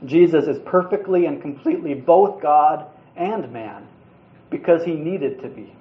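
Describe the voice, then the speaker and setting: A man delivers a sermon in an earnest, conversational way, stumbling and restarting his words now and then. His voice sits a little high for a man. The sound is roomy and somewhat muffled, as if recorded at the back of a large space. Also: lively intonation, a little slow, a little hiss or hum. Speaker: preacher. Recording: roomy, slightly dull sound.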